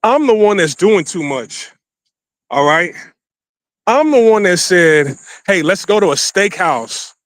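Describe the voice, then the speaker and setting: A man with a fairly high voice tells a dating story in loose, animated slang, acting out what each person said. He walks through a city holding his phone camera, and the sound is dry with no room echo. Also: takes it slowly. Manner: animated, slangy, acts out quotes. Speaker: vlogger. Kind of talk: casual storytelling while walking. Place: outdoors in a city. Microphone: handheld phone camera.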